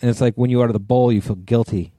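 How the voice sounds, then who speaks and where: A man's voice: medium pitch, fairly even intonation, quick pace, mellow, no room sound, clean studio sound. Blunt, profane middle-aged man. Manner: blunt, profane, irritated ranting. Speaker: podcast co-host. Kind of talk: casual chat.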